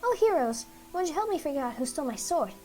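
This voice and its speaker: A woman's voice: high-pitched, very animated, quick pace, a little mellow, voice pushed up. A woman voicing a small, fussy mouse who lost a sword, talking in a theatrical, pleading way. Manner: theatrical, pleading, self-pitying.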